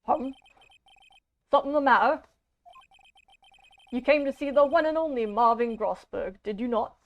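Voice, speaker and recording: A woman's voice: high-pitched, moderate pace, lightly acted. Lady putting on a self-important old lawyer guy, wobbly drawl, kinda muffled audio, game dub. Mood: blustery. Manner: blustery, self-important, strained odd drawl. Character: pompous older male law-firm boss. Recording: dull lo-fi stream audio.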